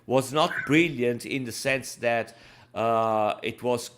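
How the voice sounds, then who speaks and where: A man's voice: medium pitch, slow, a bit bright, clear, resonant tone. A man co-hosting a casual racing podcast, thinking aloud and repeating words as he searches for them. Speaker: podcast co-host. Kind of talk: casual race analysis chat.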